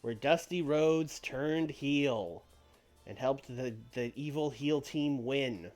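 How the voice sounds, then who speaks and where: Rambling streamer with soft music behind. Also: male voice, medium pitch, takes it slowly. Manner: rambling, many fillers. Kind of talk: casual game commentary.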